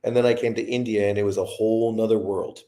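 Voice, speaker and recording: Gravelly man in his fifties, swearing freely. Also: fairly low pitch, fairly even intonation, fast, warm tone. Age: 50s. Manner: profane, rambling storytelling. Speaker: boxing livestream host. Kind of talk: casual livestream chat.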